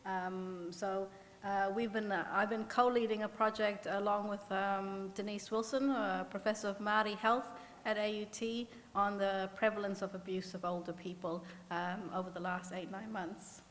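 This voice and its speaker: An economist with a New Zealand accent gives a conference presentation as a symposium panel speaker, earnest and self-deprecating, with many fillers and restarts. Her mid-range, fairly bright voice has little pitch movement and a moderate pace. A podium mic in the conference hall picks up long reverb.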